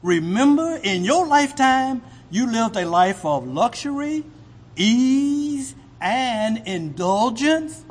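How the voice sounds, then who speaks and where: A man voicing an aged patriarch replying solemnly and sternly, with a husky voice, in a sermon. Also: extremely high pitch, very animated, slow pace, voice pushed up, exaggerated voice. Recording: long hall reverb.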